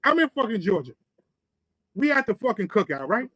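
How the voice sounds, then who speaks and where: A man's voice: high voice, big pitch swings, a little fast, fairly bright tone, husky, dry recording, low-quality recording. A man, co-hosting a podcast and telling a long, profane, rambling story. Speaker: podcast co-host. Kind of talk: casual storytelling.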